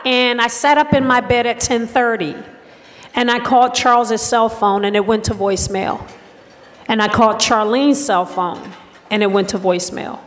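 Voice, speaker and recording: A woman's voice: a little high, fairly bright tone. Middle-aged woman telling a story in a big hall. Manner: slow, deliberate storytelling with dramatic pauses. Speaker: state representative giving a banquet speech. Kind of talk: personal testimony speech. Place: large hotel banquet hall. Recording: long hall reverb.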